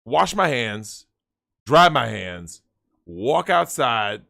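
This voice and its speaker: A man's voice: medium pitch, sing-song, very slow, creaky, pushed and bright. Man, casual storyteller, repeats himself, swears. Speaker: guest. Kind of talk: casual chat, telling a story.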